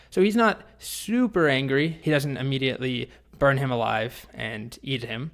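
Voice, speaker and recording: A man teaching programming, telling a story and explaining in a relaxed, chatty way with small restarts. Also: medium pitch, measured pace, few pauses. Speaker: programming instructor. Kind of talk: storytelling lesson narration.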